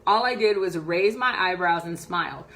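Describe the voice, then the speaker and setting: A woman coaching on camera in a live video tutorial, upbeat and animated, walking around her indoor office as she talks. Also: on the low side, moderate pace.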